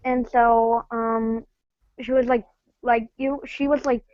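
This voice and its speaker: A woman tells her story over a call in a halting, hesitant way, stopping and starting with lots of fillers. Her voice sits a little high, and the sound is dry and muffled. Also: level tone, dry recording. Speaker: caller. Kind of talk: casual phone-in storytelling. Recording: muffled lo-fi audio.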